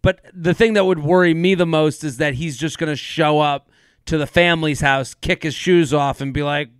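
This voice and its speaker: A man co-hosting a podcast, chatting casually with a smooth, resonant voice pitched a little high. He laughs easily and circles back on himself as he talks. The sound is close and dry. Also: fairly even intonation, normal speed, dry recording. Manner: laughs often, rambling with restarts. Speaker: podcast co-host. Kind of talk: casual chat.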